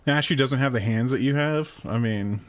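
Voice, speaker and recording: A man's voice: medium pitch, normal speed. A man streaming a game, making crude jokes and laughing as he plays. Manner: crude, joking, laughs often. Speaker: gaming streamer. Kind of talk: casual gameplay commentary.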